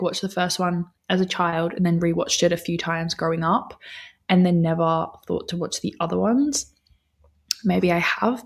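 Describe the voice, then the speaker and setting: Young woman, livestream host; gravelly, rough-edged voice, easygoing chatter with viewers. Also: lowish voice. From Australia. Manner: chatty, rambling, answers viewer chat, many fillers. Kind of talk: casual livestream chat.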